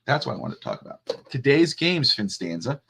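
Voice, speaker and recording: A man hosting a casual sports talk show, rambling and jokey and quick to laugh. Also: mid-range voice, sing-song, gravelly, a bit bright, slightly rough. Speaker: podcast host.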